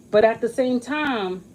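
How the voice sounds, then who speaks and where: A woman's voice: fairly high pitch, darkish tone, a little hiss or hum, rough recording. A woman talking straight to camera in a casual vlog about an astrology reading, swearing often, emphatic and joking as she rambles.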